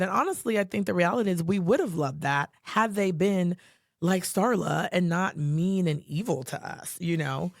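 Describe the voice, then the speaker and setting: Animated podcast storyteller, very dry sound. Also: medium pitch, normal speed, gravelly, dry recording. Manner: animated storyteller who acts out quotes, with many fillers. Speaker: podcast co-host. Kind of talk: personal storytelling.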